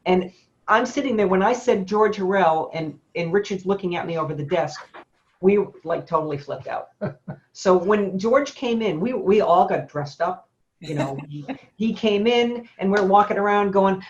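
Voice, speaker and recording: A woman's voice: medium pitch, normal speed, muffled recording. A woman photographer telling a long anecdote in casual, rambling talk with many fillers and laughs. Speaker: studio owner and photographer. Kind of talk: casual storytelling on a webinar.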